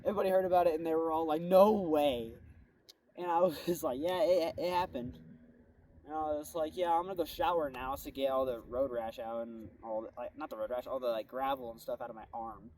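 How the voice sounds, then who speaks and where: Talking fast with fairly even intonation, a young man with a slightly high, darkish voice rambles casually about his day, full of "bro" and "like." The recording is a bit distant from the mic and carries faint background noise.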